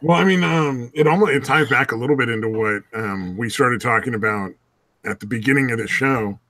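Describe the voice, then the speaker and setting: A man co-hosting a casual podcast, talking in a measured, earnest way with some swearing. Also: mid-range voice, pushed and bright, dry recording. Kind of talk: casual chat.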